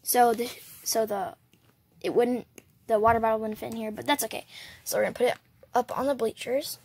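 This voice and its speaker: Breathy high-voiced woman unboxing toys. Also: fairly even intonation. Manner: soft, unhurried, explaining step by step. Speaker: toy unboxing host. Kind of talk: toy unboxing and doll play narration.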